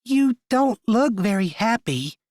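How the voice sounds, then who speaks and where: A soft, hesitant little girl from an audiobook, her voice pitched well up into a child's range, as a man acts her out. She speaks quietly and earnestly, picking each word with care. The recording is dry and close, with no room sound. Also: big pitch swings, slow pace, dry recording, exaggerated voice. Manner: speaks softly and carefully.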